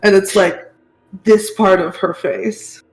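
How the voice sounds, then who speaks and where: A woman's voice: medium pitch, steady tone, slow, a little mellow, a little hiss or hum, poor audio. A woman acting as game master, narrating a tabletop game in a wry, laughing manner.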